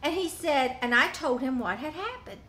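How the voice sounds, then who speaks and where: A woman's voice: high-pitched, lively intonation, normal speed, sharp tone. A woman vlogger telling an indignant story, acting out both sides of a phone call. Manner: indignant, re-enacts phone conversations. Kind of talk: animated storytelling.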